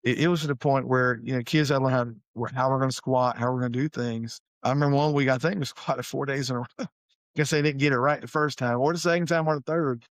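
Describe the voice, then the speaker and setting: A middle-aged man tells coaching stories in an easygoing, animated, folksy way. His voice sits at an ordinary middle pitch for a man. The recording is dry and close, with almost no room sound. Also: fast, dry recording. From Savannah, Georgia, US. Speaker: high school head football coach, guest. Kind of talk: casual storytelling interview.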